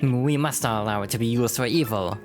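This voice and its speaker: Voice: mid-range voice, brisk, faint music behind, lightly acted. A streamer voicing Bob-omb townsfolk from a video game with a put-on foreign accent and clipped, broken grammar, reading the dialogue aloud. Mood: stern.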